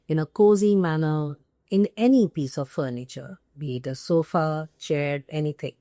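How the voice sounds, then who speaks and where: A woman with an Indian English accent, teaching English pronunciation as host and stressing key words slowly. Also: fairly low pitch, a little mellow, no echo, clean studio sound. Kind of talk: pronunciation lesson to camera.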